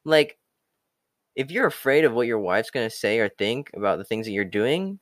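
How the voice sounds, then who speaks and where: With an expressive, mid-range voice at normal speed and no room sound, a young man hosts a podcast. His motivational monologue is a blunt, swear-filled rant, peppered with mocking impressions of whiny voices.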